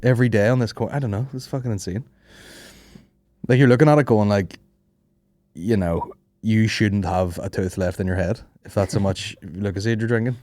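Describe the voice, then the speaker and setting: A man's voice: on the low side, moderate pace, a little mellow, dry recording. A young man, hosting a podcast and telling rambling, profane comic stories with frequent laughs. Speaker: podcast host. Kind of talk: casual comedic storytelling.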